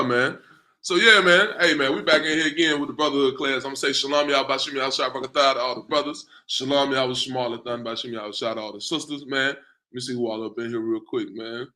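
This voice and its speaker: A man's voice: medium pitch, steady tone, brisk, bright, forceful tone, low-quality recording. A man hosting an online class in a loose, casual way, often tacking on "man" and "you know what I'm saying". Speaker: class host.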